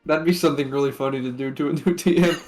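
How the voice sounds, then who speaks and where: Male player, slightly high voice, anecdotal banter. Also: steady tone, rapid-fire, soft background music. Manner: storytelling, swearing, acting out quotes. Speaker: tabletop game player. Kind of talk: casual chat.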